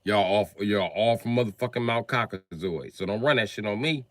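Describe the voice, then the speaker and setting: A man's voice: fairly low pitch, moderate pace, dry recording, studio quality. A man ranting on a livestream to his viewers, confrontational and swearing heavily. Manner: profane, confrontational, heavy swearing.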